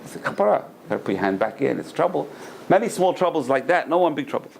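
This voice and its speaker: A man's voice: a little high, quick pace, gravelly, a little hiss or hum. A man, a rabbi, giving a Torah class, telling stories animatedly and repeating phrases for emphasis. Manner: animated storyteller, repeats phrases, acts out quoted voices. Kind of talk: Torah class lecture with storytelling.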